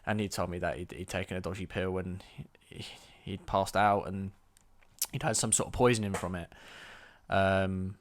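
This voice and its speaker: A man's voice: sits low, steady tone, moderate pace. A young man telling a story to camera, blunt and exasperated, swearing freely. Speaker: vlogger. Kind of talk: storytime vlog.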